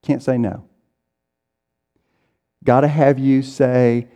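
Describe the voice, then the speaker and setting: A man's voice: on the high side, lively intonation, measured pace, pauses often, dark tone, dull audio. A man preaching a sermon in a conversational way, acting out people's inner voices as he goes. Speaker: pastor. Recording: reverberant hall.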